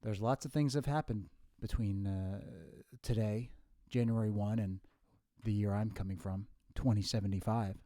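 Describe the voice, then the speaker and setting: The performer's future self, a centenarian time traveler played by a man, who lectures slowly with plenty of ums. He speaks lower and quieter than his usual voice. The recording is dry and close. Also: fairly even intonation, dry recording, close to an everyday voice. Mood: grave. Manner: slow, lecturing like a professor, many hesitations. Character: man's own future self, nearly a hundred, from 2075. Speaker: host. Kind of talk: comedy sketch with himself.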